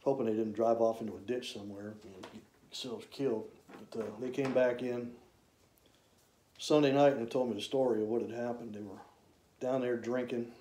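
Mellow man spinning camp stories. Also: mid-range voice. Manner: relaxed, rambling, folksy, with drawn-out fillers. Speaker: hunter reminiscing. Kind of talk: casual storytelling. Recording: roomy echo.

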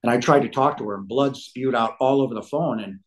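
A man's voice: mid-range voice, brisk, poor audio. Rambling man in his fifties. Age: 50s. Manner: rambling, fills with "you know". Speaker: podcast guest. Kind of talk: personal storytelling. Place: living room couch at home.

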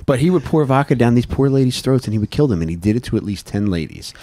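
A man's voice: medium pitch, expressive, fast talker, warm tone, dry recording. A young man hosting a podcast, telling a true-crime story in a laid-back, profane way and laughing often. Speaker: podcast host.

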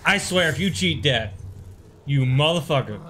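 A man streaming a video game with a friend, cursing, yelling at enemies and giggling through rambling asides. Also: fairly high pitch, normal speed, noisy background. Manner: excitable, yells and curses at the game. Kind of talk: casual gaming stream chat.

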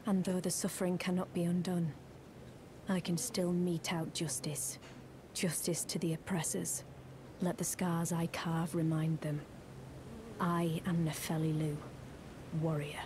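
A grim young woman warrior from a fantasy game, voiced by an actress, solemn and measured. Her low voice stays flat and even. Gameplay noise plays clearly under her. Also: close to an everyday voice.

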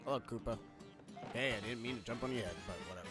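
A man's voice: mid-range voice, fast. Guy streaming a game, rambling chatty commentary, wry asides, game music going behind. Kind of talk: casual gameplay commentary. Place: home streaming setup.

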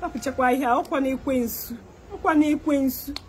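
Against a noisy background, a Nigerian woman speaks fairly quickly in a high, pleading voice for a comedy skit. Her Igbo-accented English slides into Igbo now and then as she begs, repeating the same appeals again and again.

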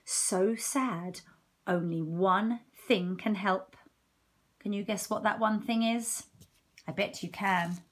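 Slow, breathy teacher reading a picture book. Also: female voice, mid-range voice. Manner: warm, chatty asides with questions to listeners. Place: home.

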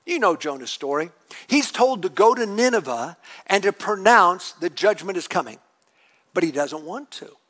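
A middle-aged man delivers a sermon from the pulpit. His voice sits fairly high and swings widely in pitch, now and then climbing into loud, acted outbursts. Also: husky. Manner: animated, acts out a furious prayer in a raised voice. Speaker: lead pastor.

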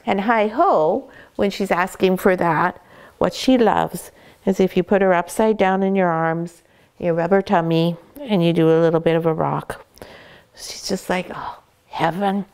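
Smooth-voiced woman breeder teaching puppy care. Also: on the low side. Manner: calm and gentle, breaks into praise for the dogs. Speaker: dog breeder. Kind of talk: instructional puppy-care talk.

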